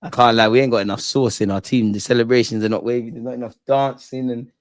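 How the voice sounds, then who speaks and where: A young man hosting a live football watch-along, excitable and slangy, shouting out his viewers. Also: medium pitch, fast, dry recording. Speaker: fan channel host.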